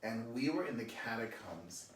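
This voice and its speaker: A priest in his forties hosts a relaxed chat and tells stories with a laugh never far away. His voice sits at a middling pitch. He sounds distant from the microphone in an echoey room. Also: normal speed, slight background noise. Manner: animated storyteller, laughs often, mimics accents. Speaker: priest hosting a livestream chat. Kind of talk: casual chat reading viewer comments. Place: roomy indoor room, rectory.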